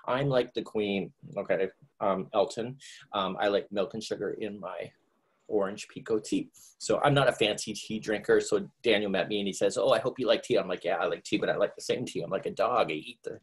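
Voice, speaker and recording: A middle-aged man from Nova Scotia with a Canadian accent, hosting a live online crochet class from home in a jokey, rambling way. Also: breathy edge. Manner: jokey, rambling, breaks into squeaky put-on voices.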